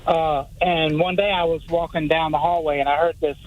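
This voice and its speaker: A man's voice: on the high side, steady tone, phone-quality sound. An older man from the Atlanta area calling into a radio show, telling an old story in a rambling way with many fillers. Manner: rambling anecdote with halting fillers. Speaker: caller. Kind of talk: phone-in storytelling.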